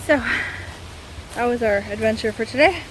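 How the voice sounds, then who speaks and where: A Canadian woman out walking in the woods vlogs in a casual, breathless, rambling way, heavy on fillers. Her voice is a little high, at a moderate pace, and faint outdoor noise can be heard.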